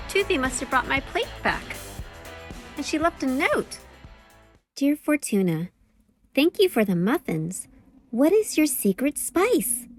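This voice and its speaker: A woman's voice: sits high, full character voice. A woman voicing a cheerful young baker girl in a children's cartoon, chatty and talking to herself. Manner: bright, chatty, talks to herself. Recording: background music under the voice.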